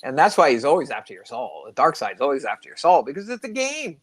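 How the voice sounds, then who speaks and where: A man's voice: on the high side, wildly swooping pitch, quick pace. An older man, co-host of a spiritual talk show, telling rambling stories in casual chat and now and then losing his train of thought. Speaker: podcast co-host.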